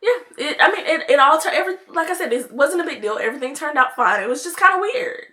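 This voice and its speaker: A woman's voice: high voice, expressive, quick pace, bright, forceful tone. A young woman, chatting to viewers in a casual storytime vlog, full of "like" and "y'all". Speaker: vlogger.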